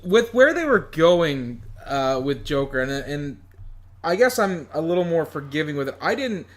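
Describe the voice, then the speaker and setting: A man's voice: fairly high pitch, sing-song, moderate pace. A man co-hosting a podcast, discussing a movie casually and often restarting his sentences. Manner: hesitant, repeats words. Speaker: podcast co-host.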